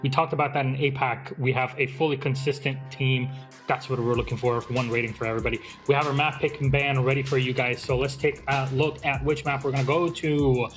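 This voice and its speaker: Brisk male esports desk host. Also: medium pitch, fairly even intonation, faint music behind. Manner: brisk, upbeat, keeps the show moving. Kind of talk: live esports broadcast hosting.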